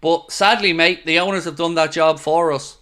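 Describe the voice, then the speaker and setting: A man's voice: a little high, steady tone, normal speed, bright, forceful tone. A man hosting a live fan stream, reading viewer messages and answering them in a frustrated, emphatic way, swearing now and then. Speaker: fan channel host.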